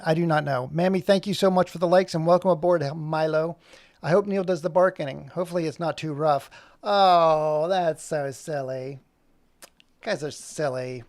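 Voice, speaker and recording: A man with a fairly high, slightly mellow voice streams himself making an animation with no room sound in the recording. He chats casually throughout, rambling and talking to himself as he works.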